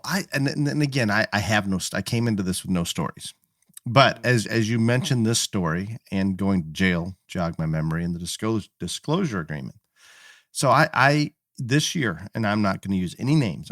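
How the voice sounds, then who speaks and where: A man co-hosting a podcast in casual conversation, easygoing and joking, with halting restarts. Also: fairly low pitch, a bit bright, no room sound, studio quality. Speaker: podcast co-host.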